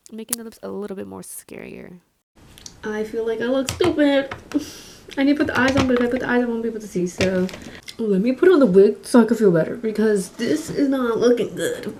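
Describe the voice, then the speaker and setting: A woman's voice: mid-range voice, fairly quick, warm tone, a little hiss or hum. A young woman doing a casual makeup vlog in her bedroom, playful and self-mocking, swearing freely. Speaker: makeup vlogger. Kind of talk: casual vlog chat and voiceover. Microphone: camera mic in her room.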